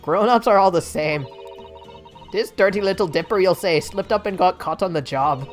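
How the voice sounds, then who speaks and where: A woman's voice: deep voice, lively intonation, normal speed, soft background music. A woman voicing a cheeky teenage girl pickpocket in a game, brash and full of street slang. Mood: defiant.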